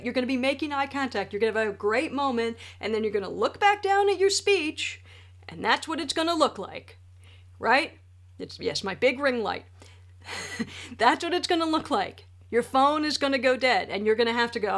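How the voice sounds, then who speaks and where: A woman in her forties talks straight to the camera about writing wedding speeches. Her voice sits a little high, and her delivery is animated, jokey and emphatic. She sounds like she is recording at home under a ring light. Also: brisk. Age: 40s. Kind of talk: direct-to-camera tips video.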